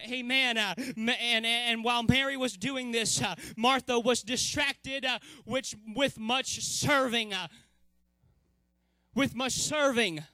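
A man preaching a sermon, filling pauses with "uh" and swelling to shouted emphasis. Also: very high voice, dry recording.

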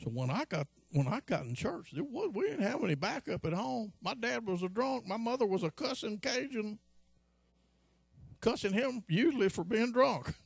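A gravelly male preacher with a lively, swooping delivery. He tells stories from the pulpit and jumps into a higher voice whenever he quotes someone. The sound is dry and close. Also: normal speed, no room sound. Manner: storytelling, acts out quotes in a high voice. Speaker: pastor. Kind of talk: sermon.

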